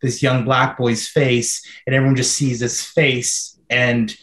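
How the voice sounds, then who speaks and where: A filmmaker answering questions in a Q&A interview, thoughtful and searching, with many fillers and restarts, heard over a video call. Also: male voice, mid-range voice, little pitch movement, unhurried, a bit bright, echoey room, low-quality recording. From Canada.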